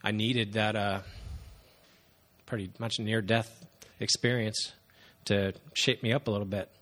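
A man in his thirties shares his personal testimony before a congregation. His voice sits fairly low, and he speaks earnestly and haltingly, often pausing on fillers. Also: fairly even intonation, fairly bright tone. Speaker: church member giving testimony.

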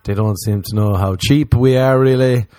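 An Irish man doing stand-up comedy, rambling through profane stories and mocking people in put-on high voices. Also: steady tone, normal speed, dark tone, dry recording. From Ireland.

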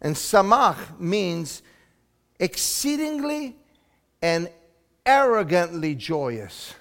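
Male pastor, high voice, slow animated preaching, hall reverb. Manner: animated preaching, swinging from loud exclamations to hushed asides. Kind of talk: sermon.

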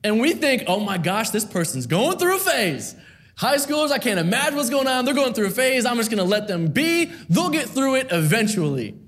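A man's voice: extremely high pitch, very animated, brisk, fairly bright tone. A man preaching a sermon to a church, earnest and rhythmic, repeating key phrases with rising emphasis.

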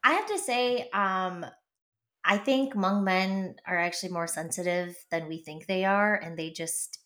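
A woman's voice: mid-range voice, a little slow, fairly bright tone. A woman in casual chat who often agrees and laughs easily.

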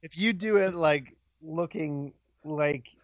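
A man's voice: fairly high pitch, slow pace, no room sound, dull audio. A man co-hosting a casual podcast, laid-back, swearing casually and trailing into filler words. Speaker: podcast co-host. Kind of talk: casual chat.

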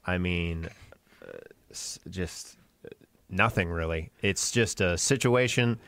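A man speaking as a radio show guest, answering in a deadpan, dismissive way. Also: sits low, slow pace, no room sound. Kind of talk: casual talk radio discussion.

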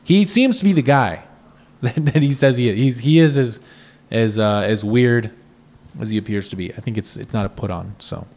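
A man co-hosting a podcast in loose, rambling banter, full of swearing and frequent laughs. His voice sits at an ordinary pitch for a man. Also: normal speed, darkish tone. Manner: rambling, profane, laughs often. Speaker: podcast co-host.

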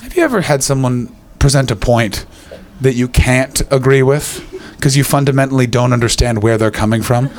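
A man's voice: medium pitch, lively intonation, normal speed. A man hosting a live comedy show, telling rambling stories to an audience, swearing freely and breaking into screamed impressions. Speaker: comedian and podcast host.

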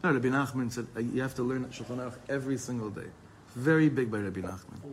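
A man's voice: medium pitch, fast talker, a little hiss or hum. A man teaching a Torah class as a rabbi, speaking emphatically and mixing Hebrew terms into his English.

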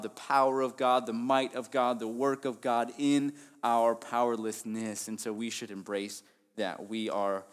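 A young man preaching a sermon as pastor, earnest and shifting between quiet, soft passages and emphatic raised lines. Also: mid-range voice. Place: church sanctuary. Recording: long church hall reverb.

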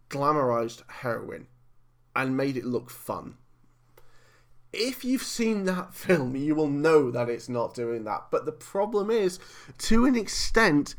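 A man hosting a solo podcast, giving an opinionated, conversational film review full of rhetorical questions. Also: medium pitch. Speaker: podcast host.

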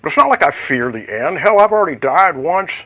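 A man's voice: a little high, big pitch swings, fairly quick, a bit bright. A man putting on a Southern drawl to play an aging, self-mocking male football star in a joke voicemail. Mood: joking. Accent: Southern US, put on. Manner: rambling, self-mocking, folksy.

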